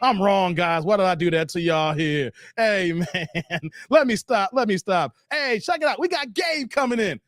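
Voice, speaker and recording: High, lively man teasing his chat. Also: moderate pace, dry recording. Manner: playful teasing with frequent laughter and slang. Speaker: livestream host. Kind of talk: casual livestream chat reading viewer comments.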